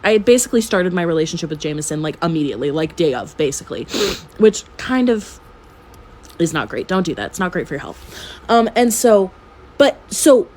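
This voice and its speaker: Tired young woman telling a story. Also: mid-range voice. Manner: chatty, swears freely, laughs often. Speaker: storytime vlogger. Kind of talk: casual storytime chat. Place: at home with her cat.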